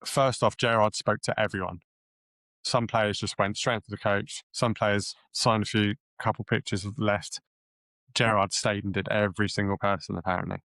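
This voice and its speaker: A man co-hosting a podcast, telling a story in rambling, animated casual chat with many restarts. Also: on the low side, moderate pace, gravelly, dry recording. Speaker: podcast co-host.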